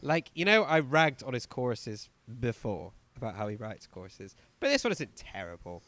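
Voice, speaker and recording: With big pitch swings, a fairly bright tone, and a moderate pace, this man's medium-pitched voice comes through with no echo. As a music podcast co-host, he sarcastically reviews an album in casual chat, imitating the lyrics in exaggerated voices.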